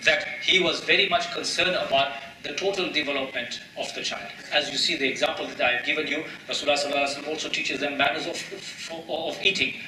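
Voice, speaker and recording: A man's voice: fairly high pitch, steady tone, quick pace, few pauses, sharp tone, slight background noise. A man preaching in a mosque, emphatic, asking rhetorical questions and repeating key phrases, with Arabic terms mixed in. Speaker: imam giving a mosque talk. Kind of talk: sermon. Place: mosque prayer hall. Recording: echoey hall, voice from a distance.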